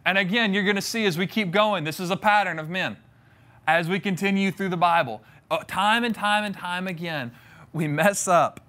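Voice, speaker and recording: A man's voice: high-pitched, normal speed, pushed and bright. A young man giving a sermon, conversational and humorous, acting out the voices in the story he retells. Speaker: preacher.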